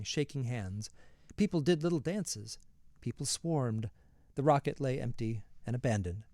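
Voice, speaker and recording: A man reading a science fiction story aloud in a measured, expressive way. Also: medium pitch, smooth, no room sound, studio quality. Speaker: reader. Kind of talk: audiobook narration.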